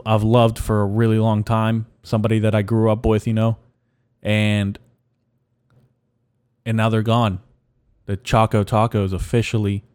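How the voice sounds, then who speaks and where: A young man hosting a solo podcast, giving a halting, mock-mournful rant full of restarts. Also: on the low side, a little mellow, clear, resonant tone, no echo, clean studio sound. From Mexican-American. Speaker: podcast host. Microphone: podcast mic.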